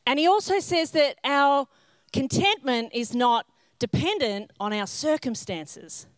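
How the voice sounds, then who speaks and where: A woman's voice: a little high, no echo. A middle-aged woman preaching a sermon, telling self-mocking stories and acting out the scenes. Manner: self-mocking humorous storytelling; animated, acts out scenes in character. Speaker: pastor.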